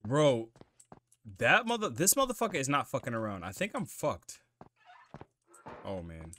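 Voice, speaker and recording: A man's voice: mid-range voice, huge pitch swings, normal speed, pushed and bright. A man commenting on a horror game as he plays, swearing and talking to himself in jumpy asides. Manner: profane, jumpy self-talk while playing. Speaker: gamer playing a horror game. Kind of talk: let's play commentary.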